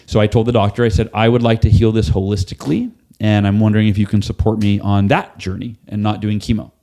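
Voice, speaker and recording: Animated man telling a story. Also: lowish voice, quick pace. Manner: animated, acts out quoted dialogue, casual swearing. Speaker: podcast guest. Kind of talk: storytelling in a conversational interview.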